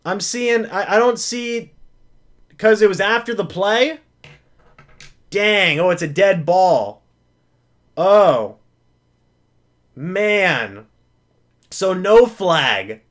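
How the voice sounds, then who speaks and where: A man's voice: high voice, expressive, extremely slow, pauses often, fairly bright tone. A man calling a football game live as a fan, narrating each play and then pleading with the referees and groaning at the calls.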